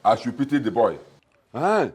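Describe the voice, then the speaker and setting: A man's voice: mid-range voice, big pitch swings, moderate pace, husky. A scornful Nigerian father. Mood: mocking. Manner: mocking, loud, repetitive. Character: scornful middle-aged father, blunt and mocking.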